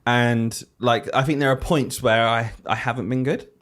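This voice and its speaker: A man's voice: mid-range voice, moderate pace. A man, a teacher co-hosting a podcast, chatting casually and acting out quotes as he tells stories. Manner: animated storyteller, acts out quotes. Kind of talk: casual chat.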